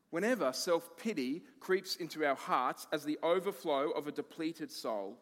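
A man preaching a sermon as pastor, expressive, moving between emphatic lines and hushed ones. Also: fairly high pitch, moderate pace, few pauses, long reverb tail.

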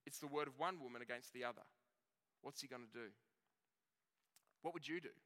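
A man preaching a sermon, telling the story in a conversational way and slowing down on key words. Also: mid-range voice, pushed and bright. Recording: long reverb of a hall.

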